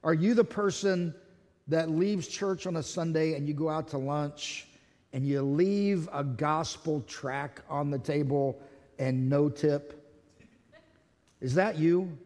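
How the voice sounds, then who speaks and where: High-voiced pastor in a reverberant hall. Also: male voice, slow pace. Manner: animated storytelling, acts out quoted voices, rhetorical questions. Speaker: lead pastor. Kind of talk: sermon.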